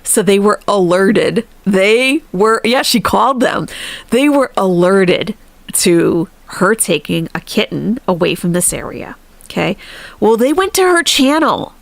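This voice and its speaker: Gravelly-voiced woman hosting a live stream. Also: mid-range voice, measured pace, no echo. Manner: animated, laughs often, thanks viewers. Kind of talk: casual live-stream commentary.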